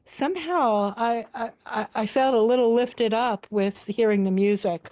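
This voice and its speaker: A woman hosting a radio interview, asking questions in a gentle, hesitant way. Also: on the high side, measured pace, dry recording. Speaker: radio show host.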